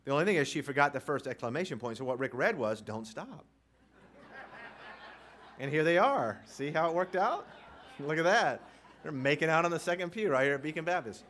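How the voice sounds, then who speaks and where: Emphatic preacher man, loud then hushed. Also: lively intonation. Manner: emphatic, swinging from loud declarations to hushed low lines; reads scripture aloud with deliberate slow pauses. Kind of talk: sermon. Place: church sanctuary.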